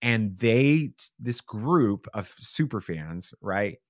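A man, a father and podcast guest, telling a story in a casual, animated way and acting out the quotes. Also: fairly low pitch, takes it slowly, no room sound, studio quality. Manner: animated, acts out quotes with shifting voices.

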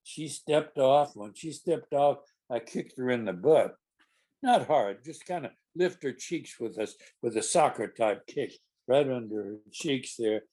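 A man's voice: medium pitch, animated, measured pace, mellow. An older man, a stage actor, telling a rambling, amused backstage anecdote with frequent restarts. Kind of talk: casual anecdotal storytelling.

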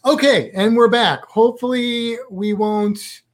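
A man's voice: very high voice, fairly even intonation, a little slow. A man co-hosting a live podcast in a chatty, joking, upbeat way. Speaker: podcast co-host. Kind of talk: casual live podcast chat.

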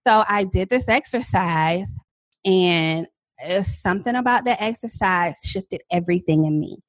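A woman in her thirties, a podcast guest, telling a personal story in a lively, dramatic, casual way with frequent laughs. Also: medium pitch, a little slow, no echo. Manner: animated, self-described dramatic talker with frequent laughs.

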